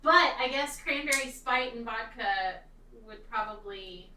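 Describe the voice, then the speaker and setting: A woman's voice: a little high, unhurried, pushed and bright, slight background noise. A woman from the American South co-hosting a casual chat, with playful, teasing banter. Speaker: co-host. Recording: echoey room, distant from mic.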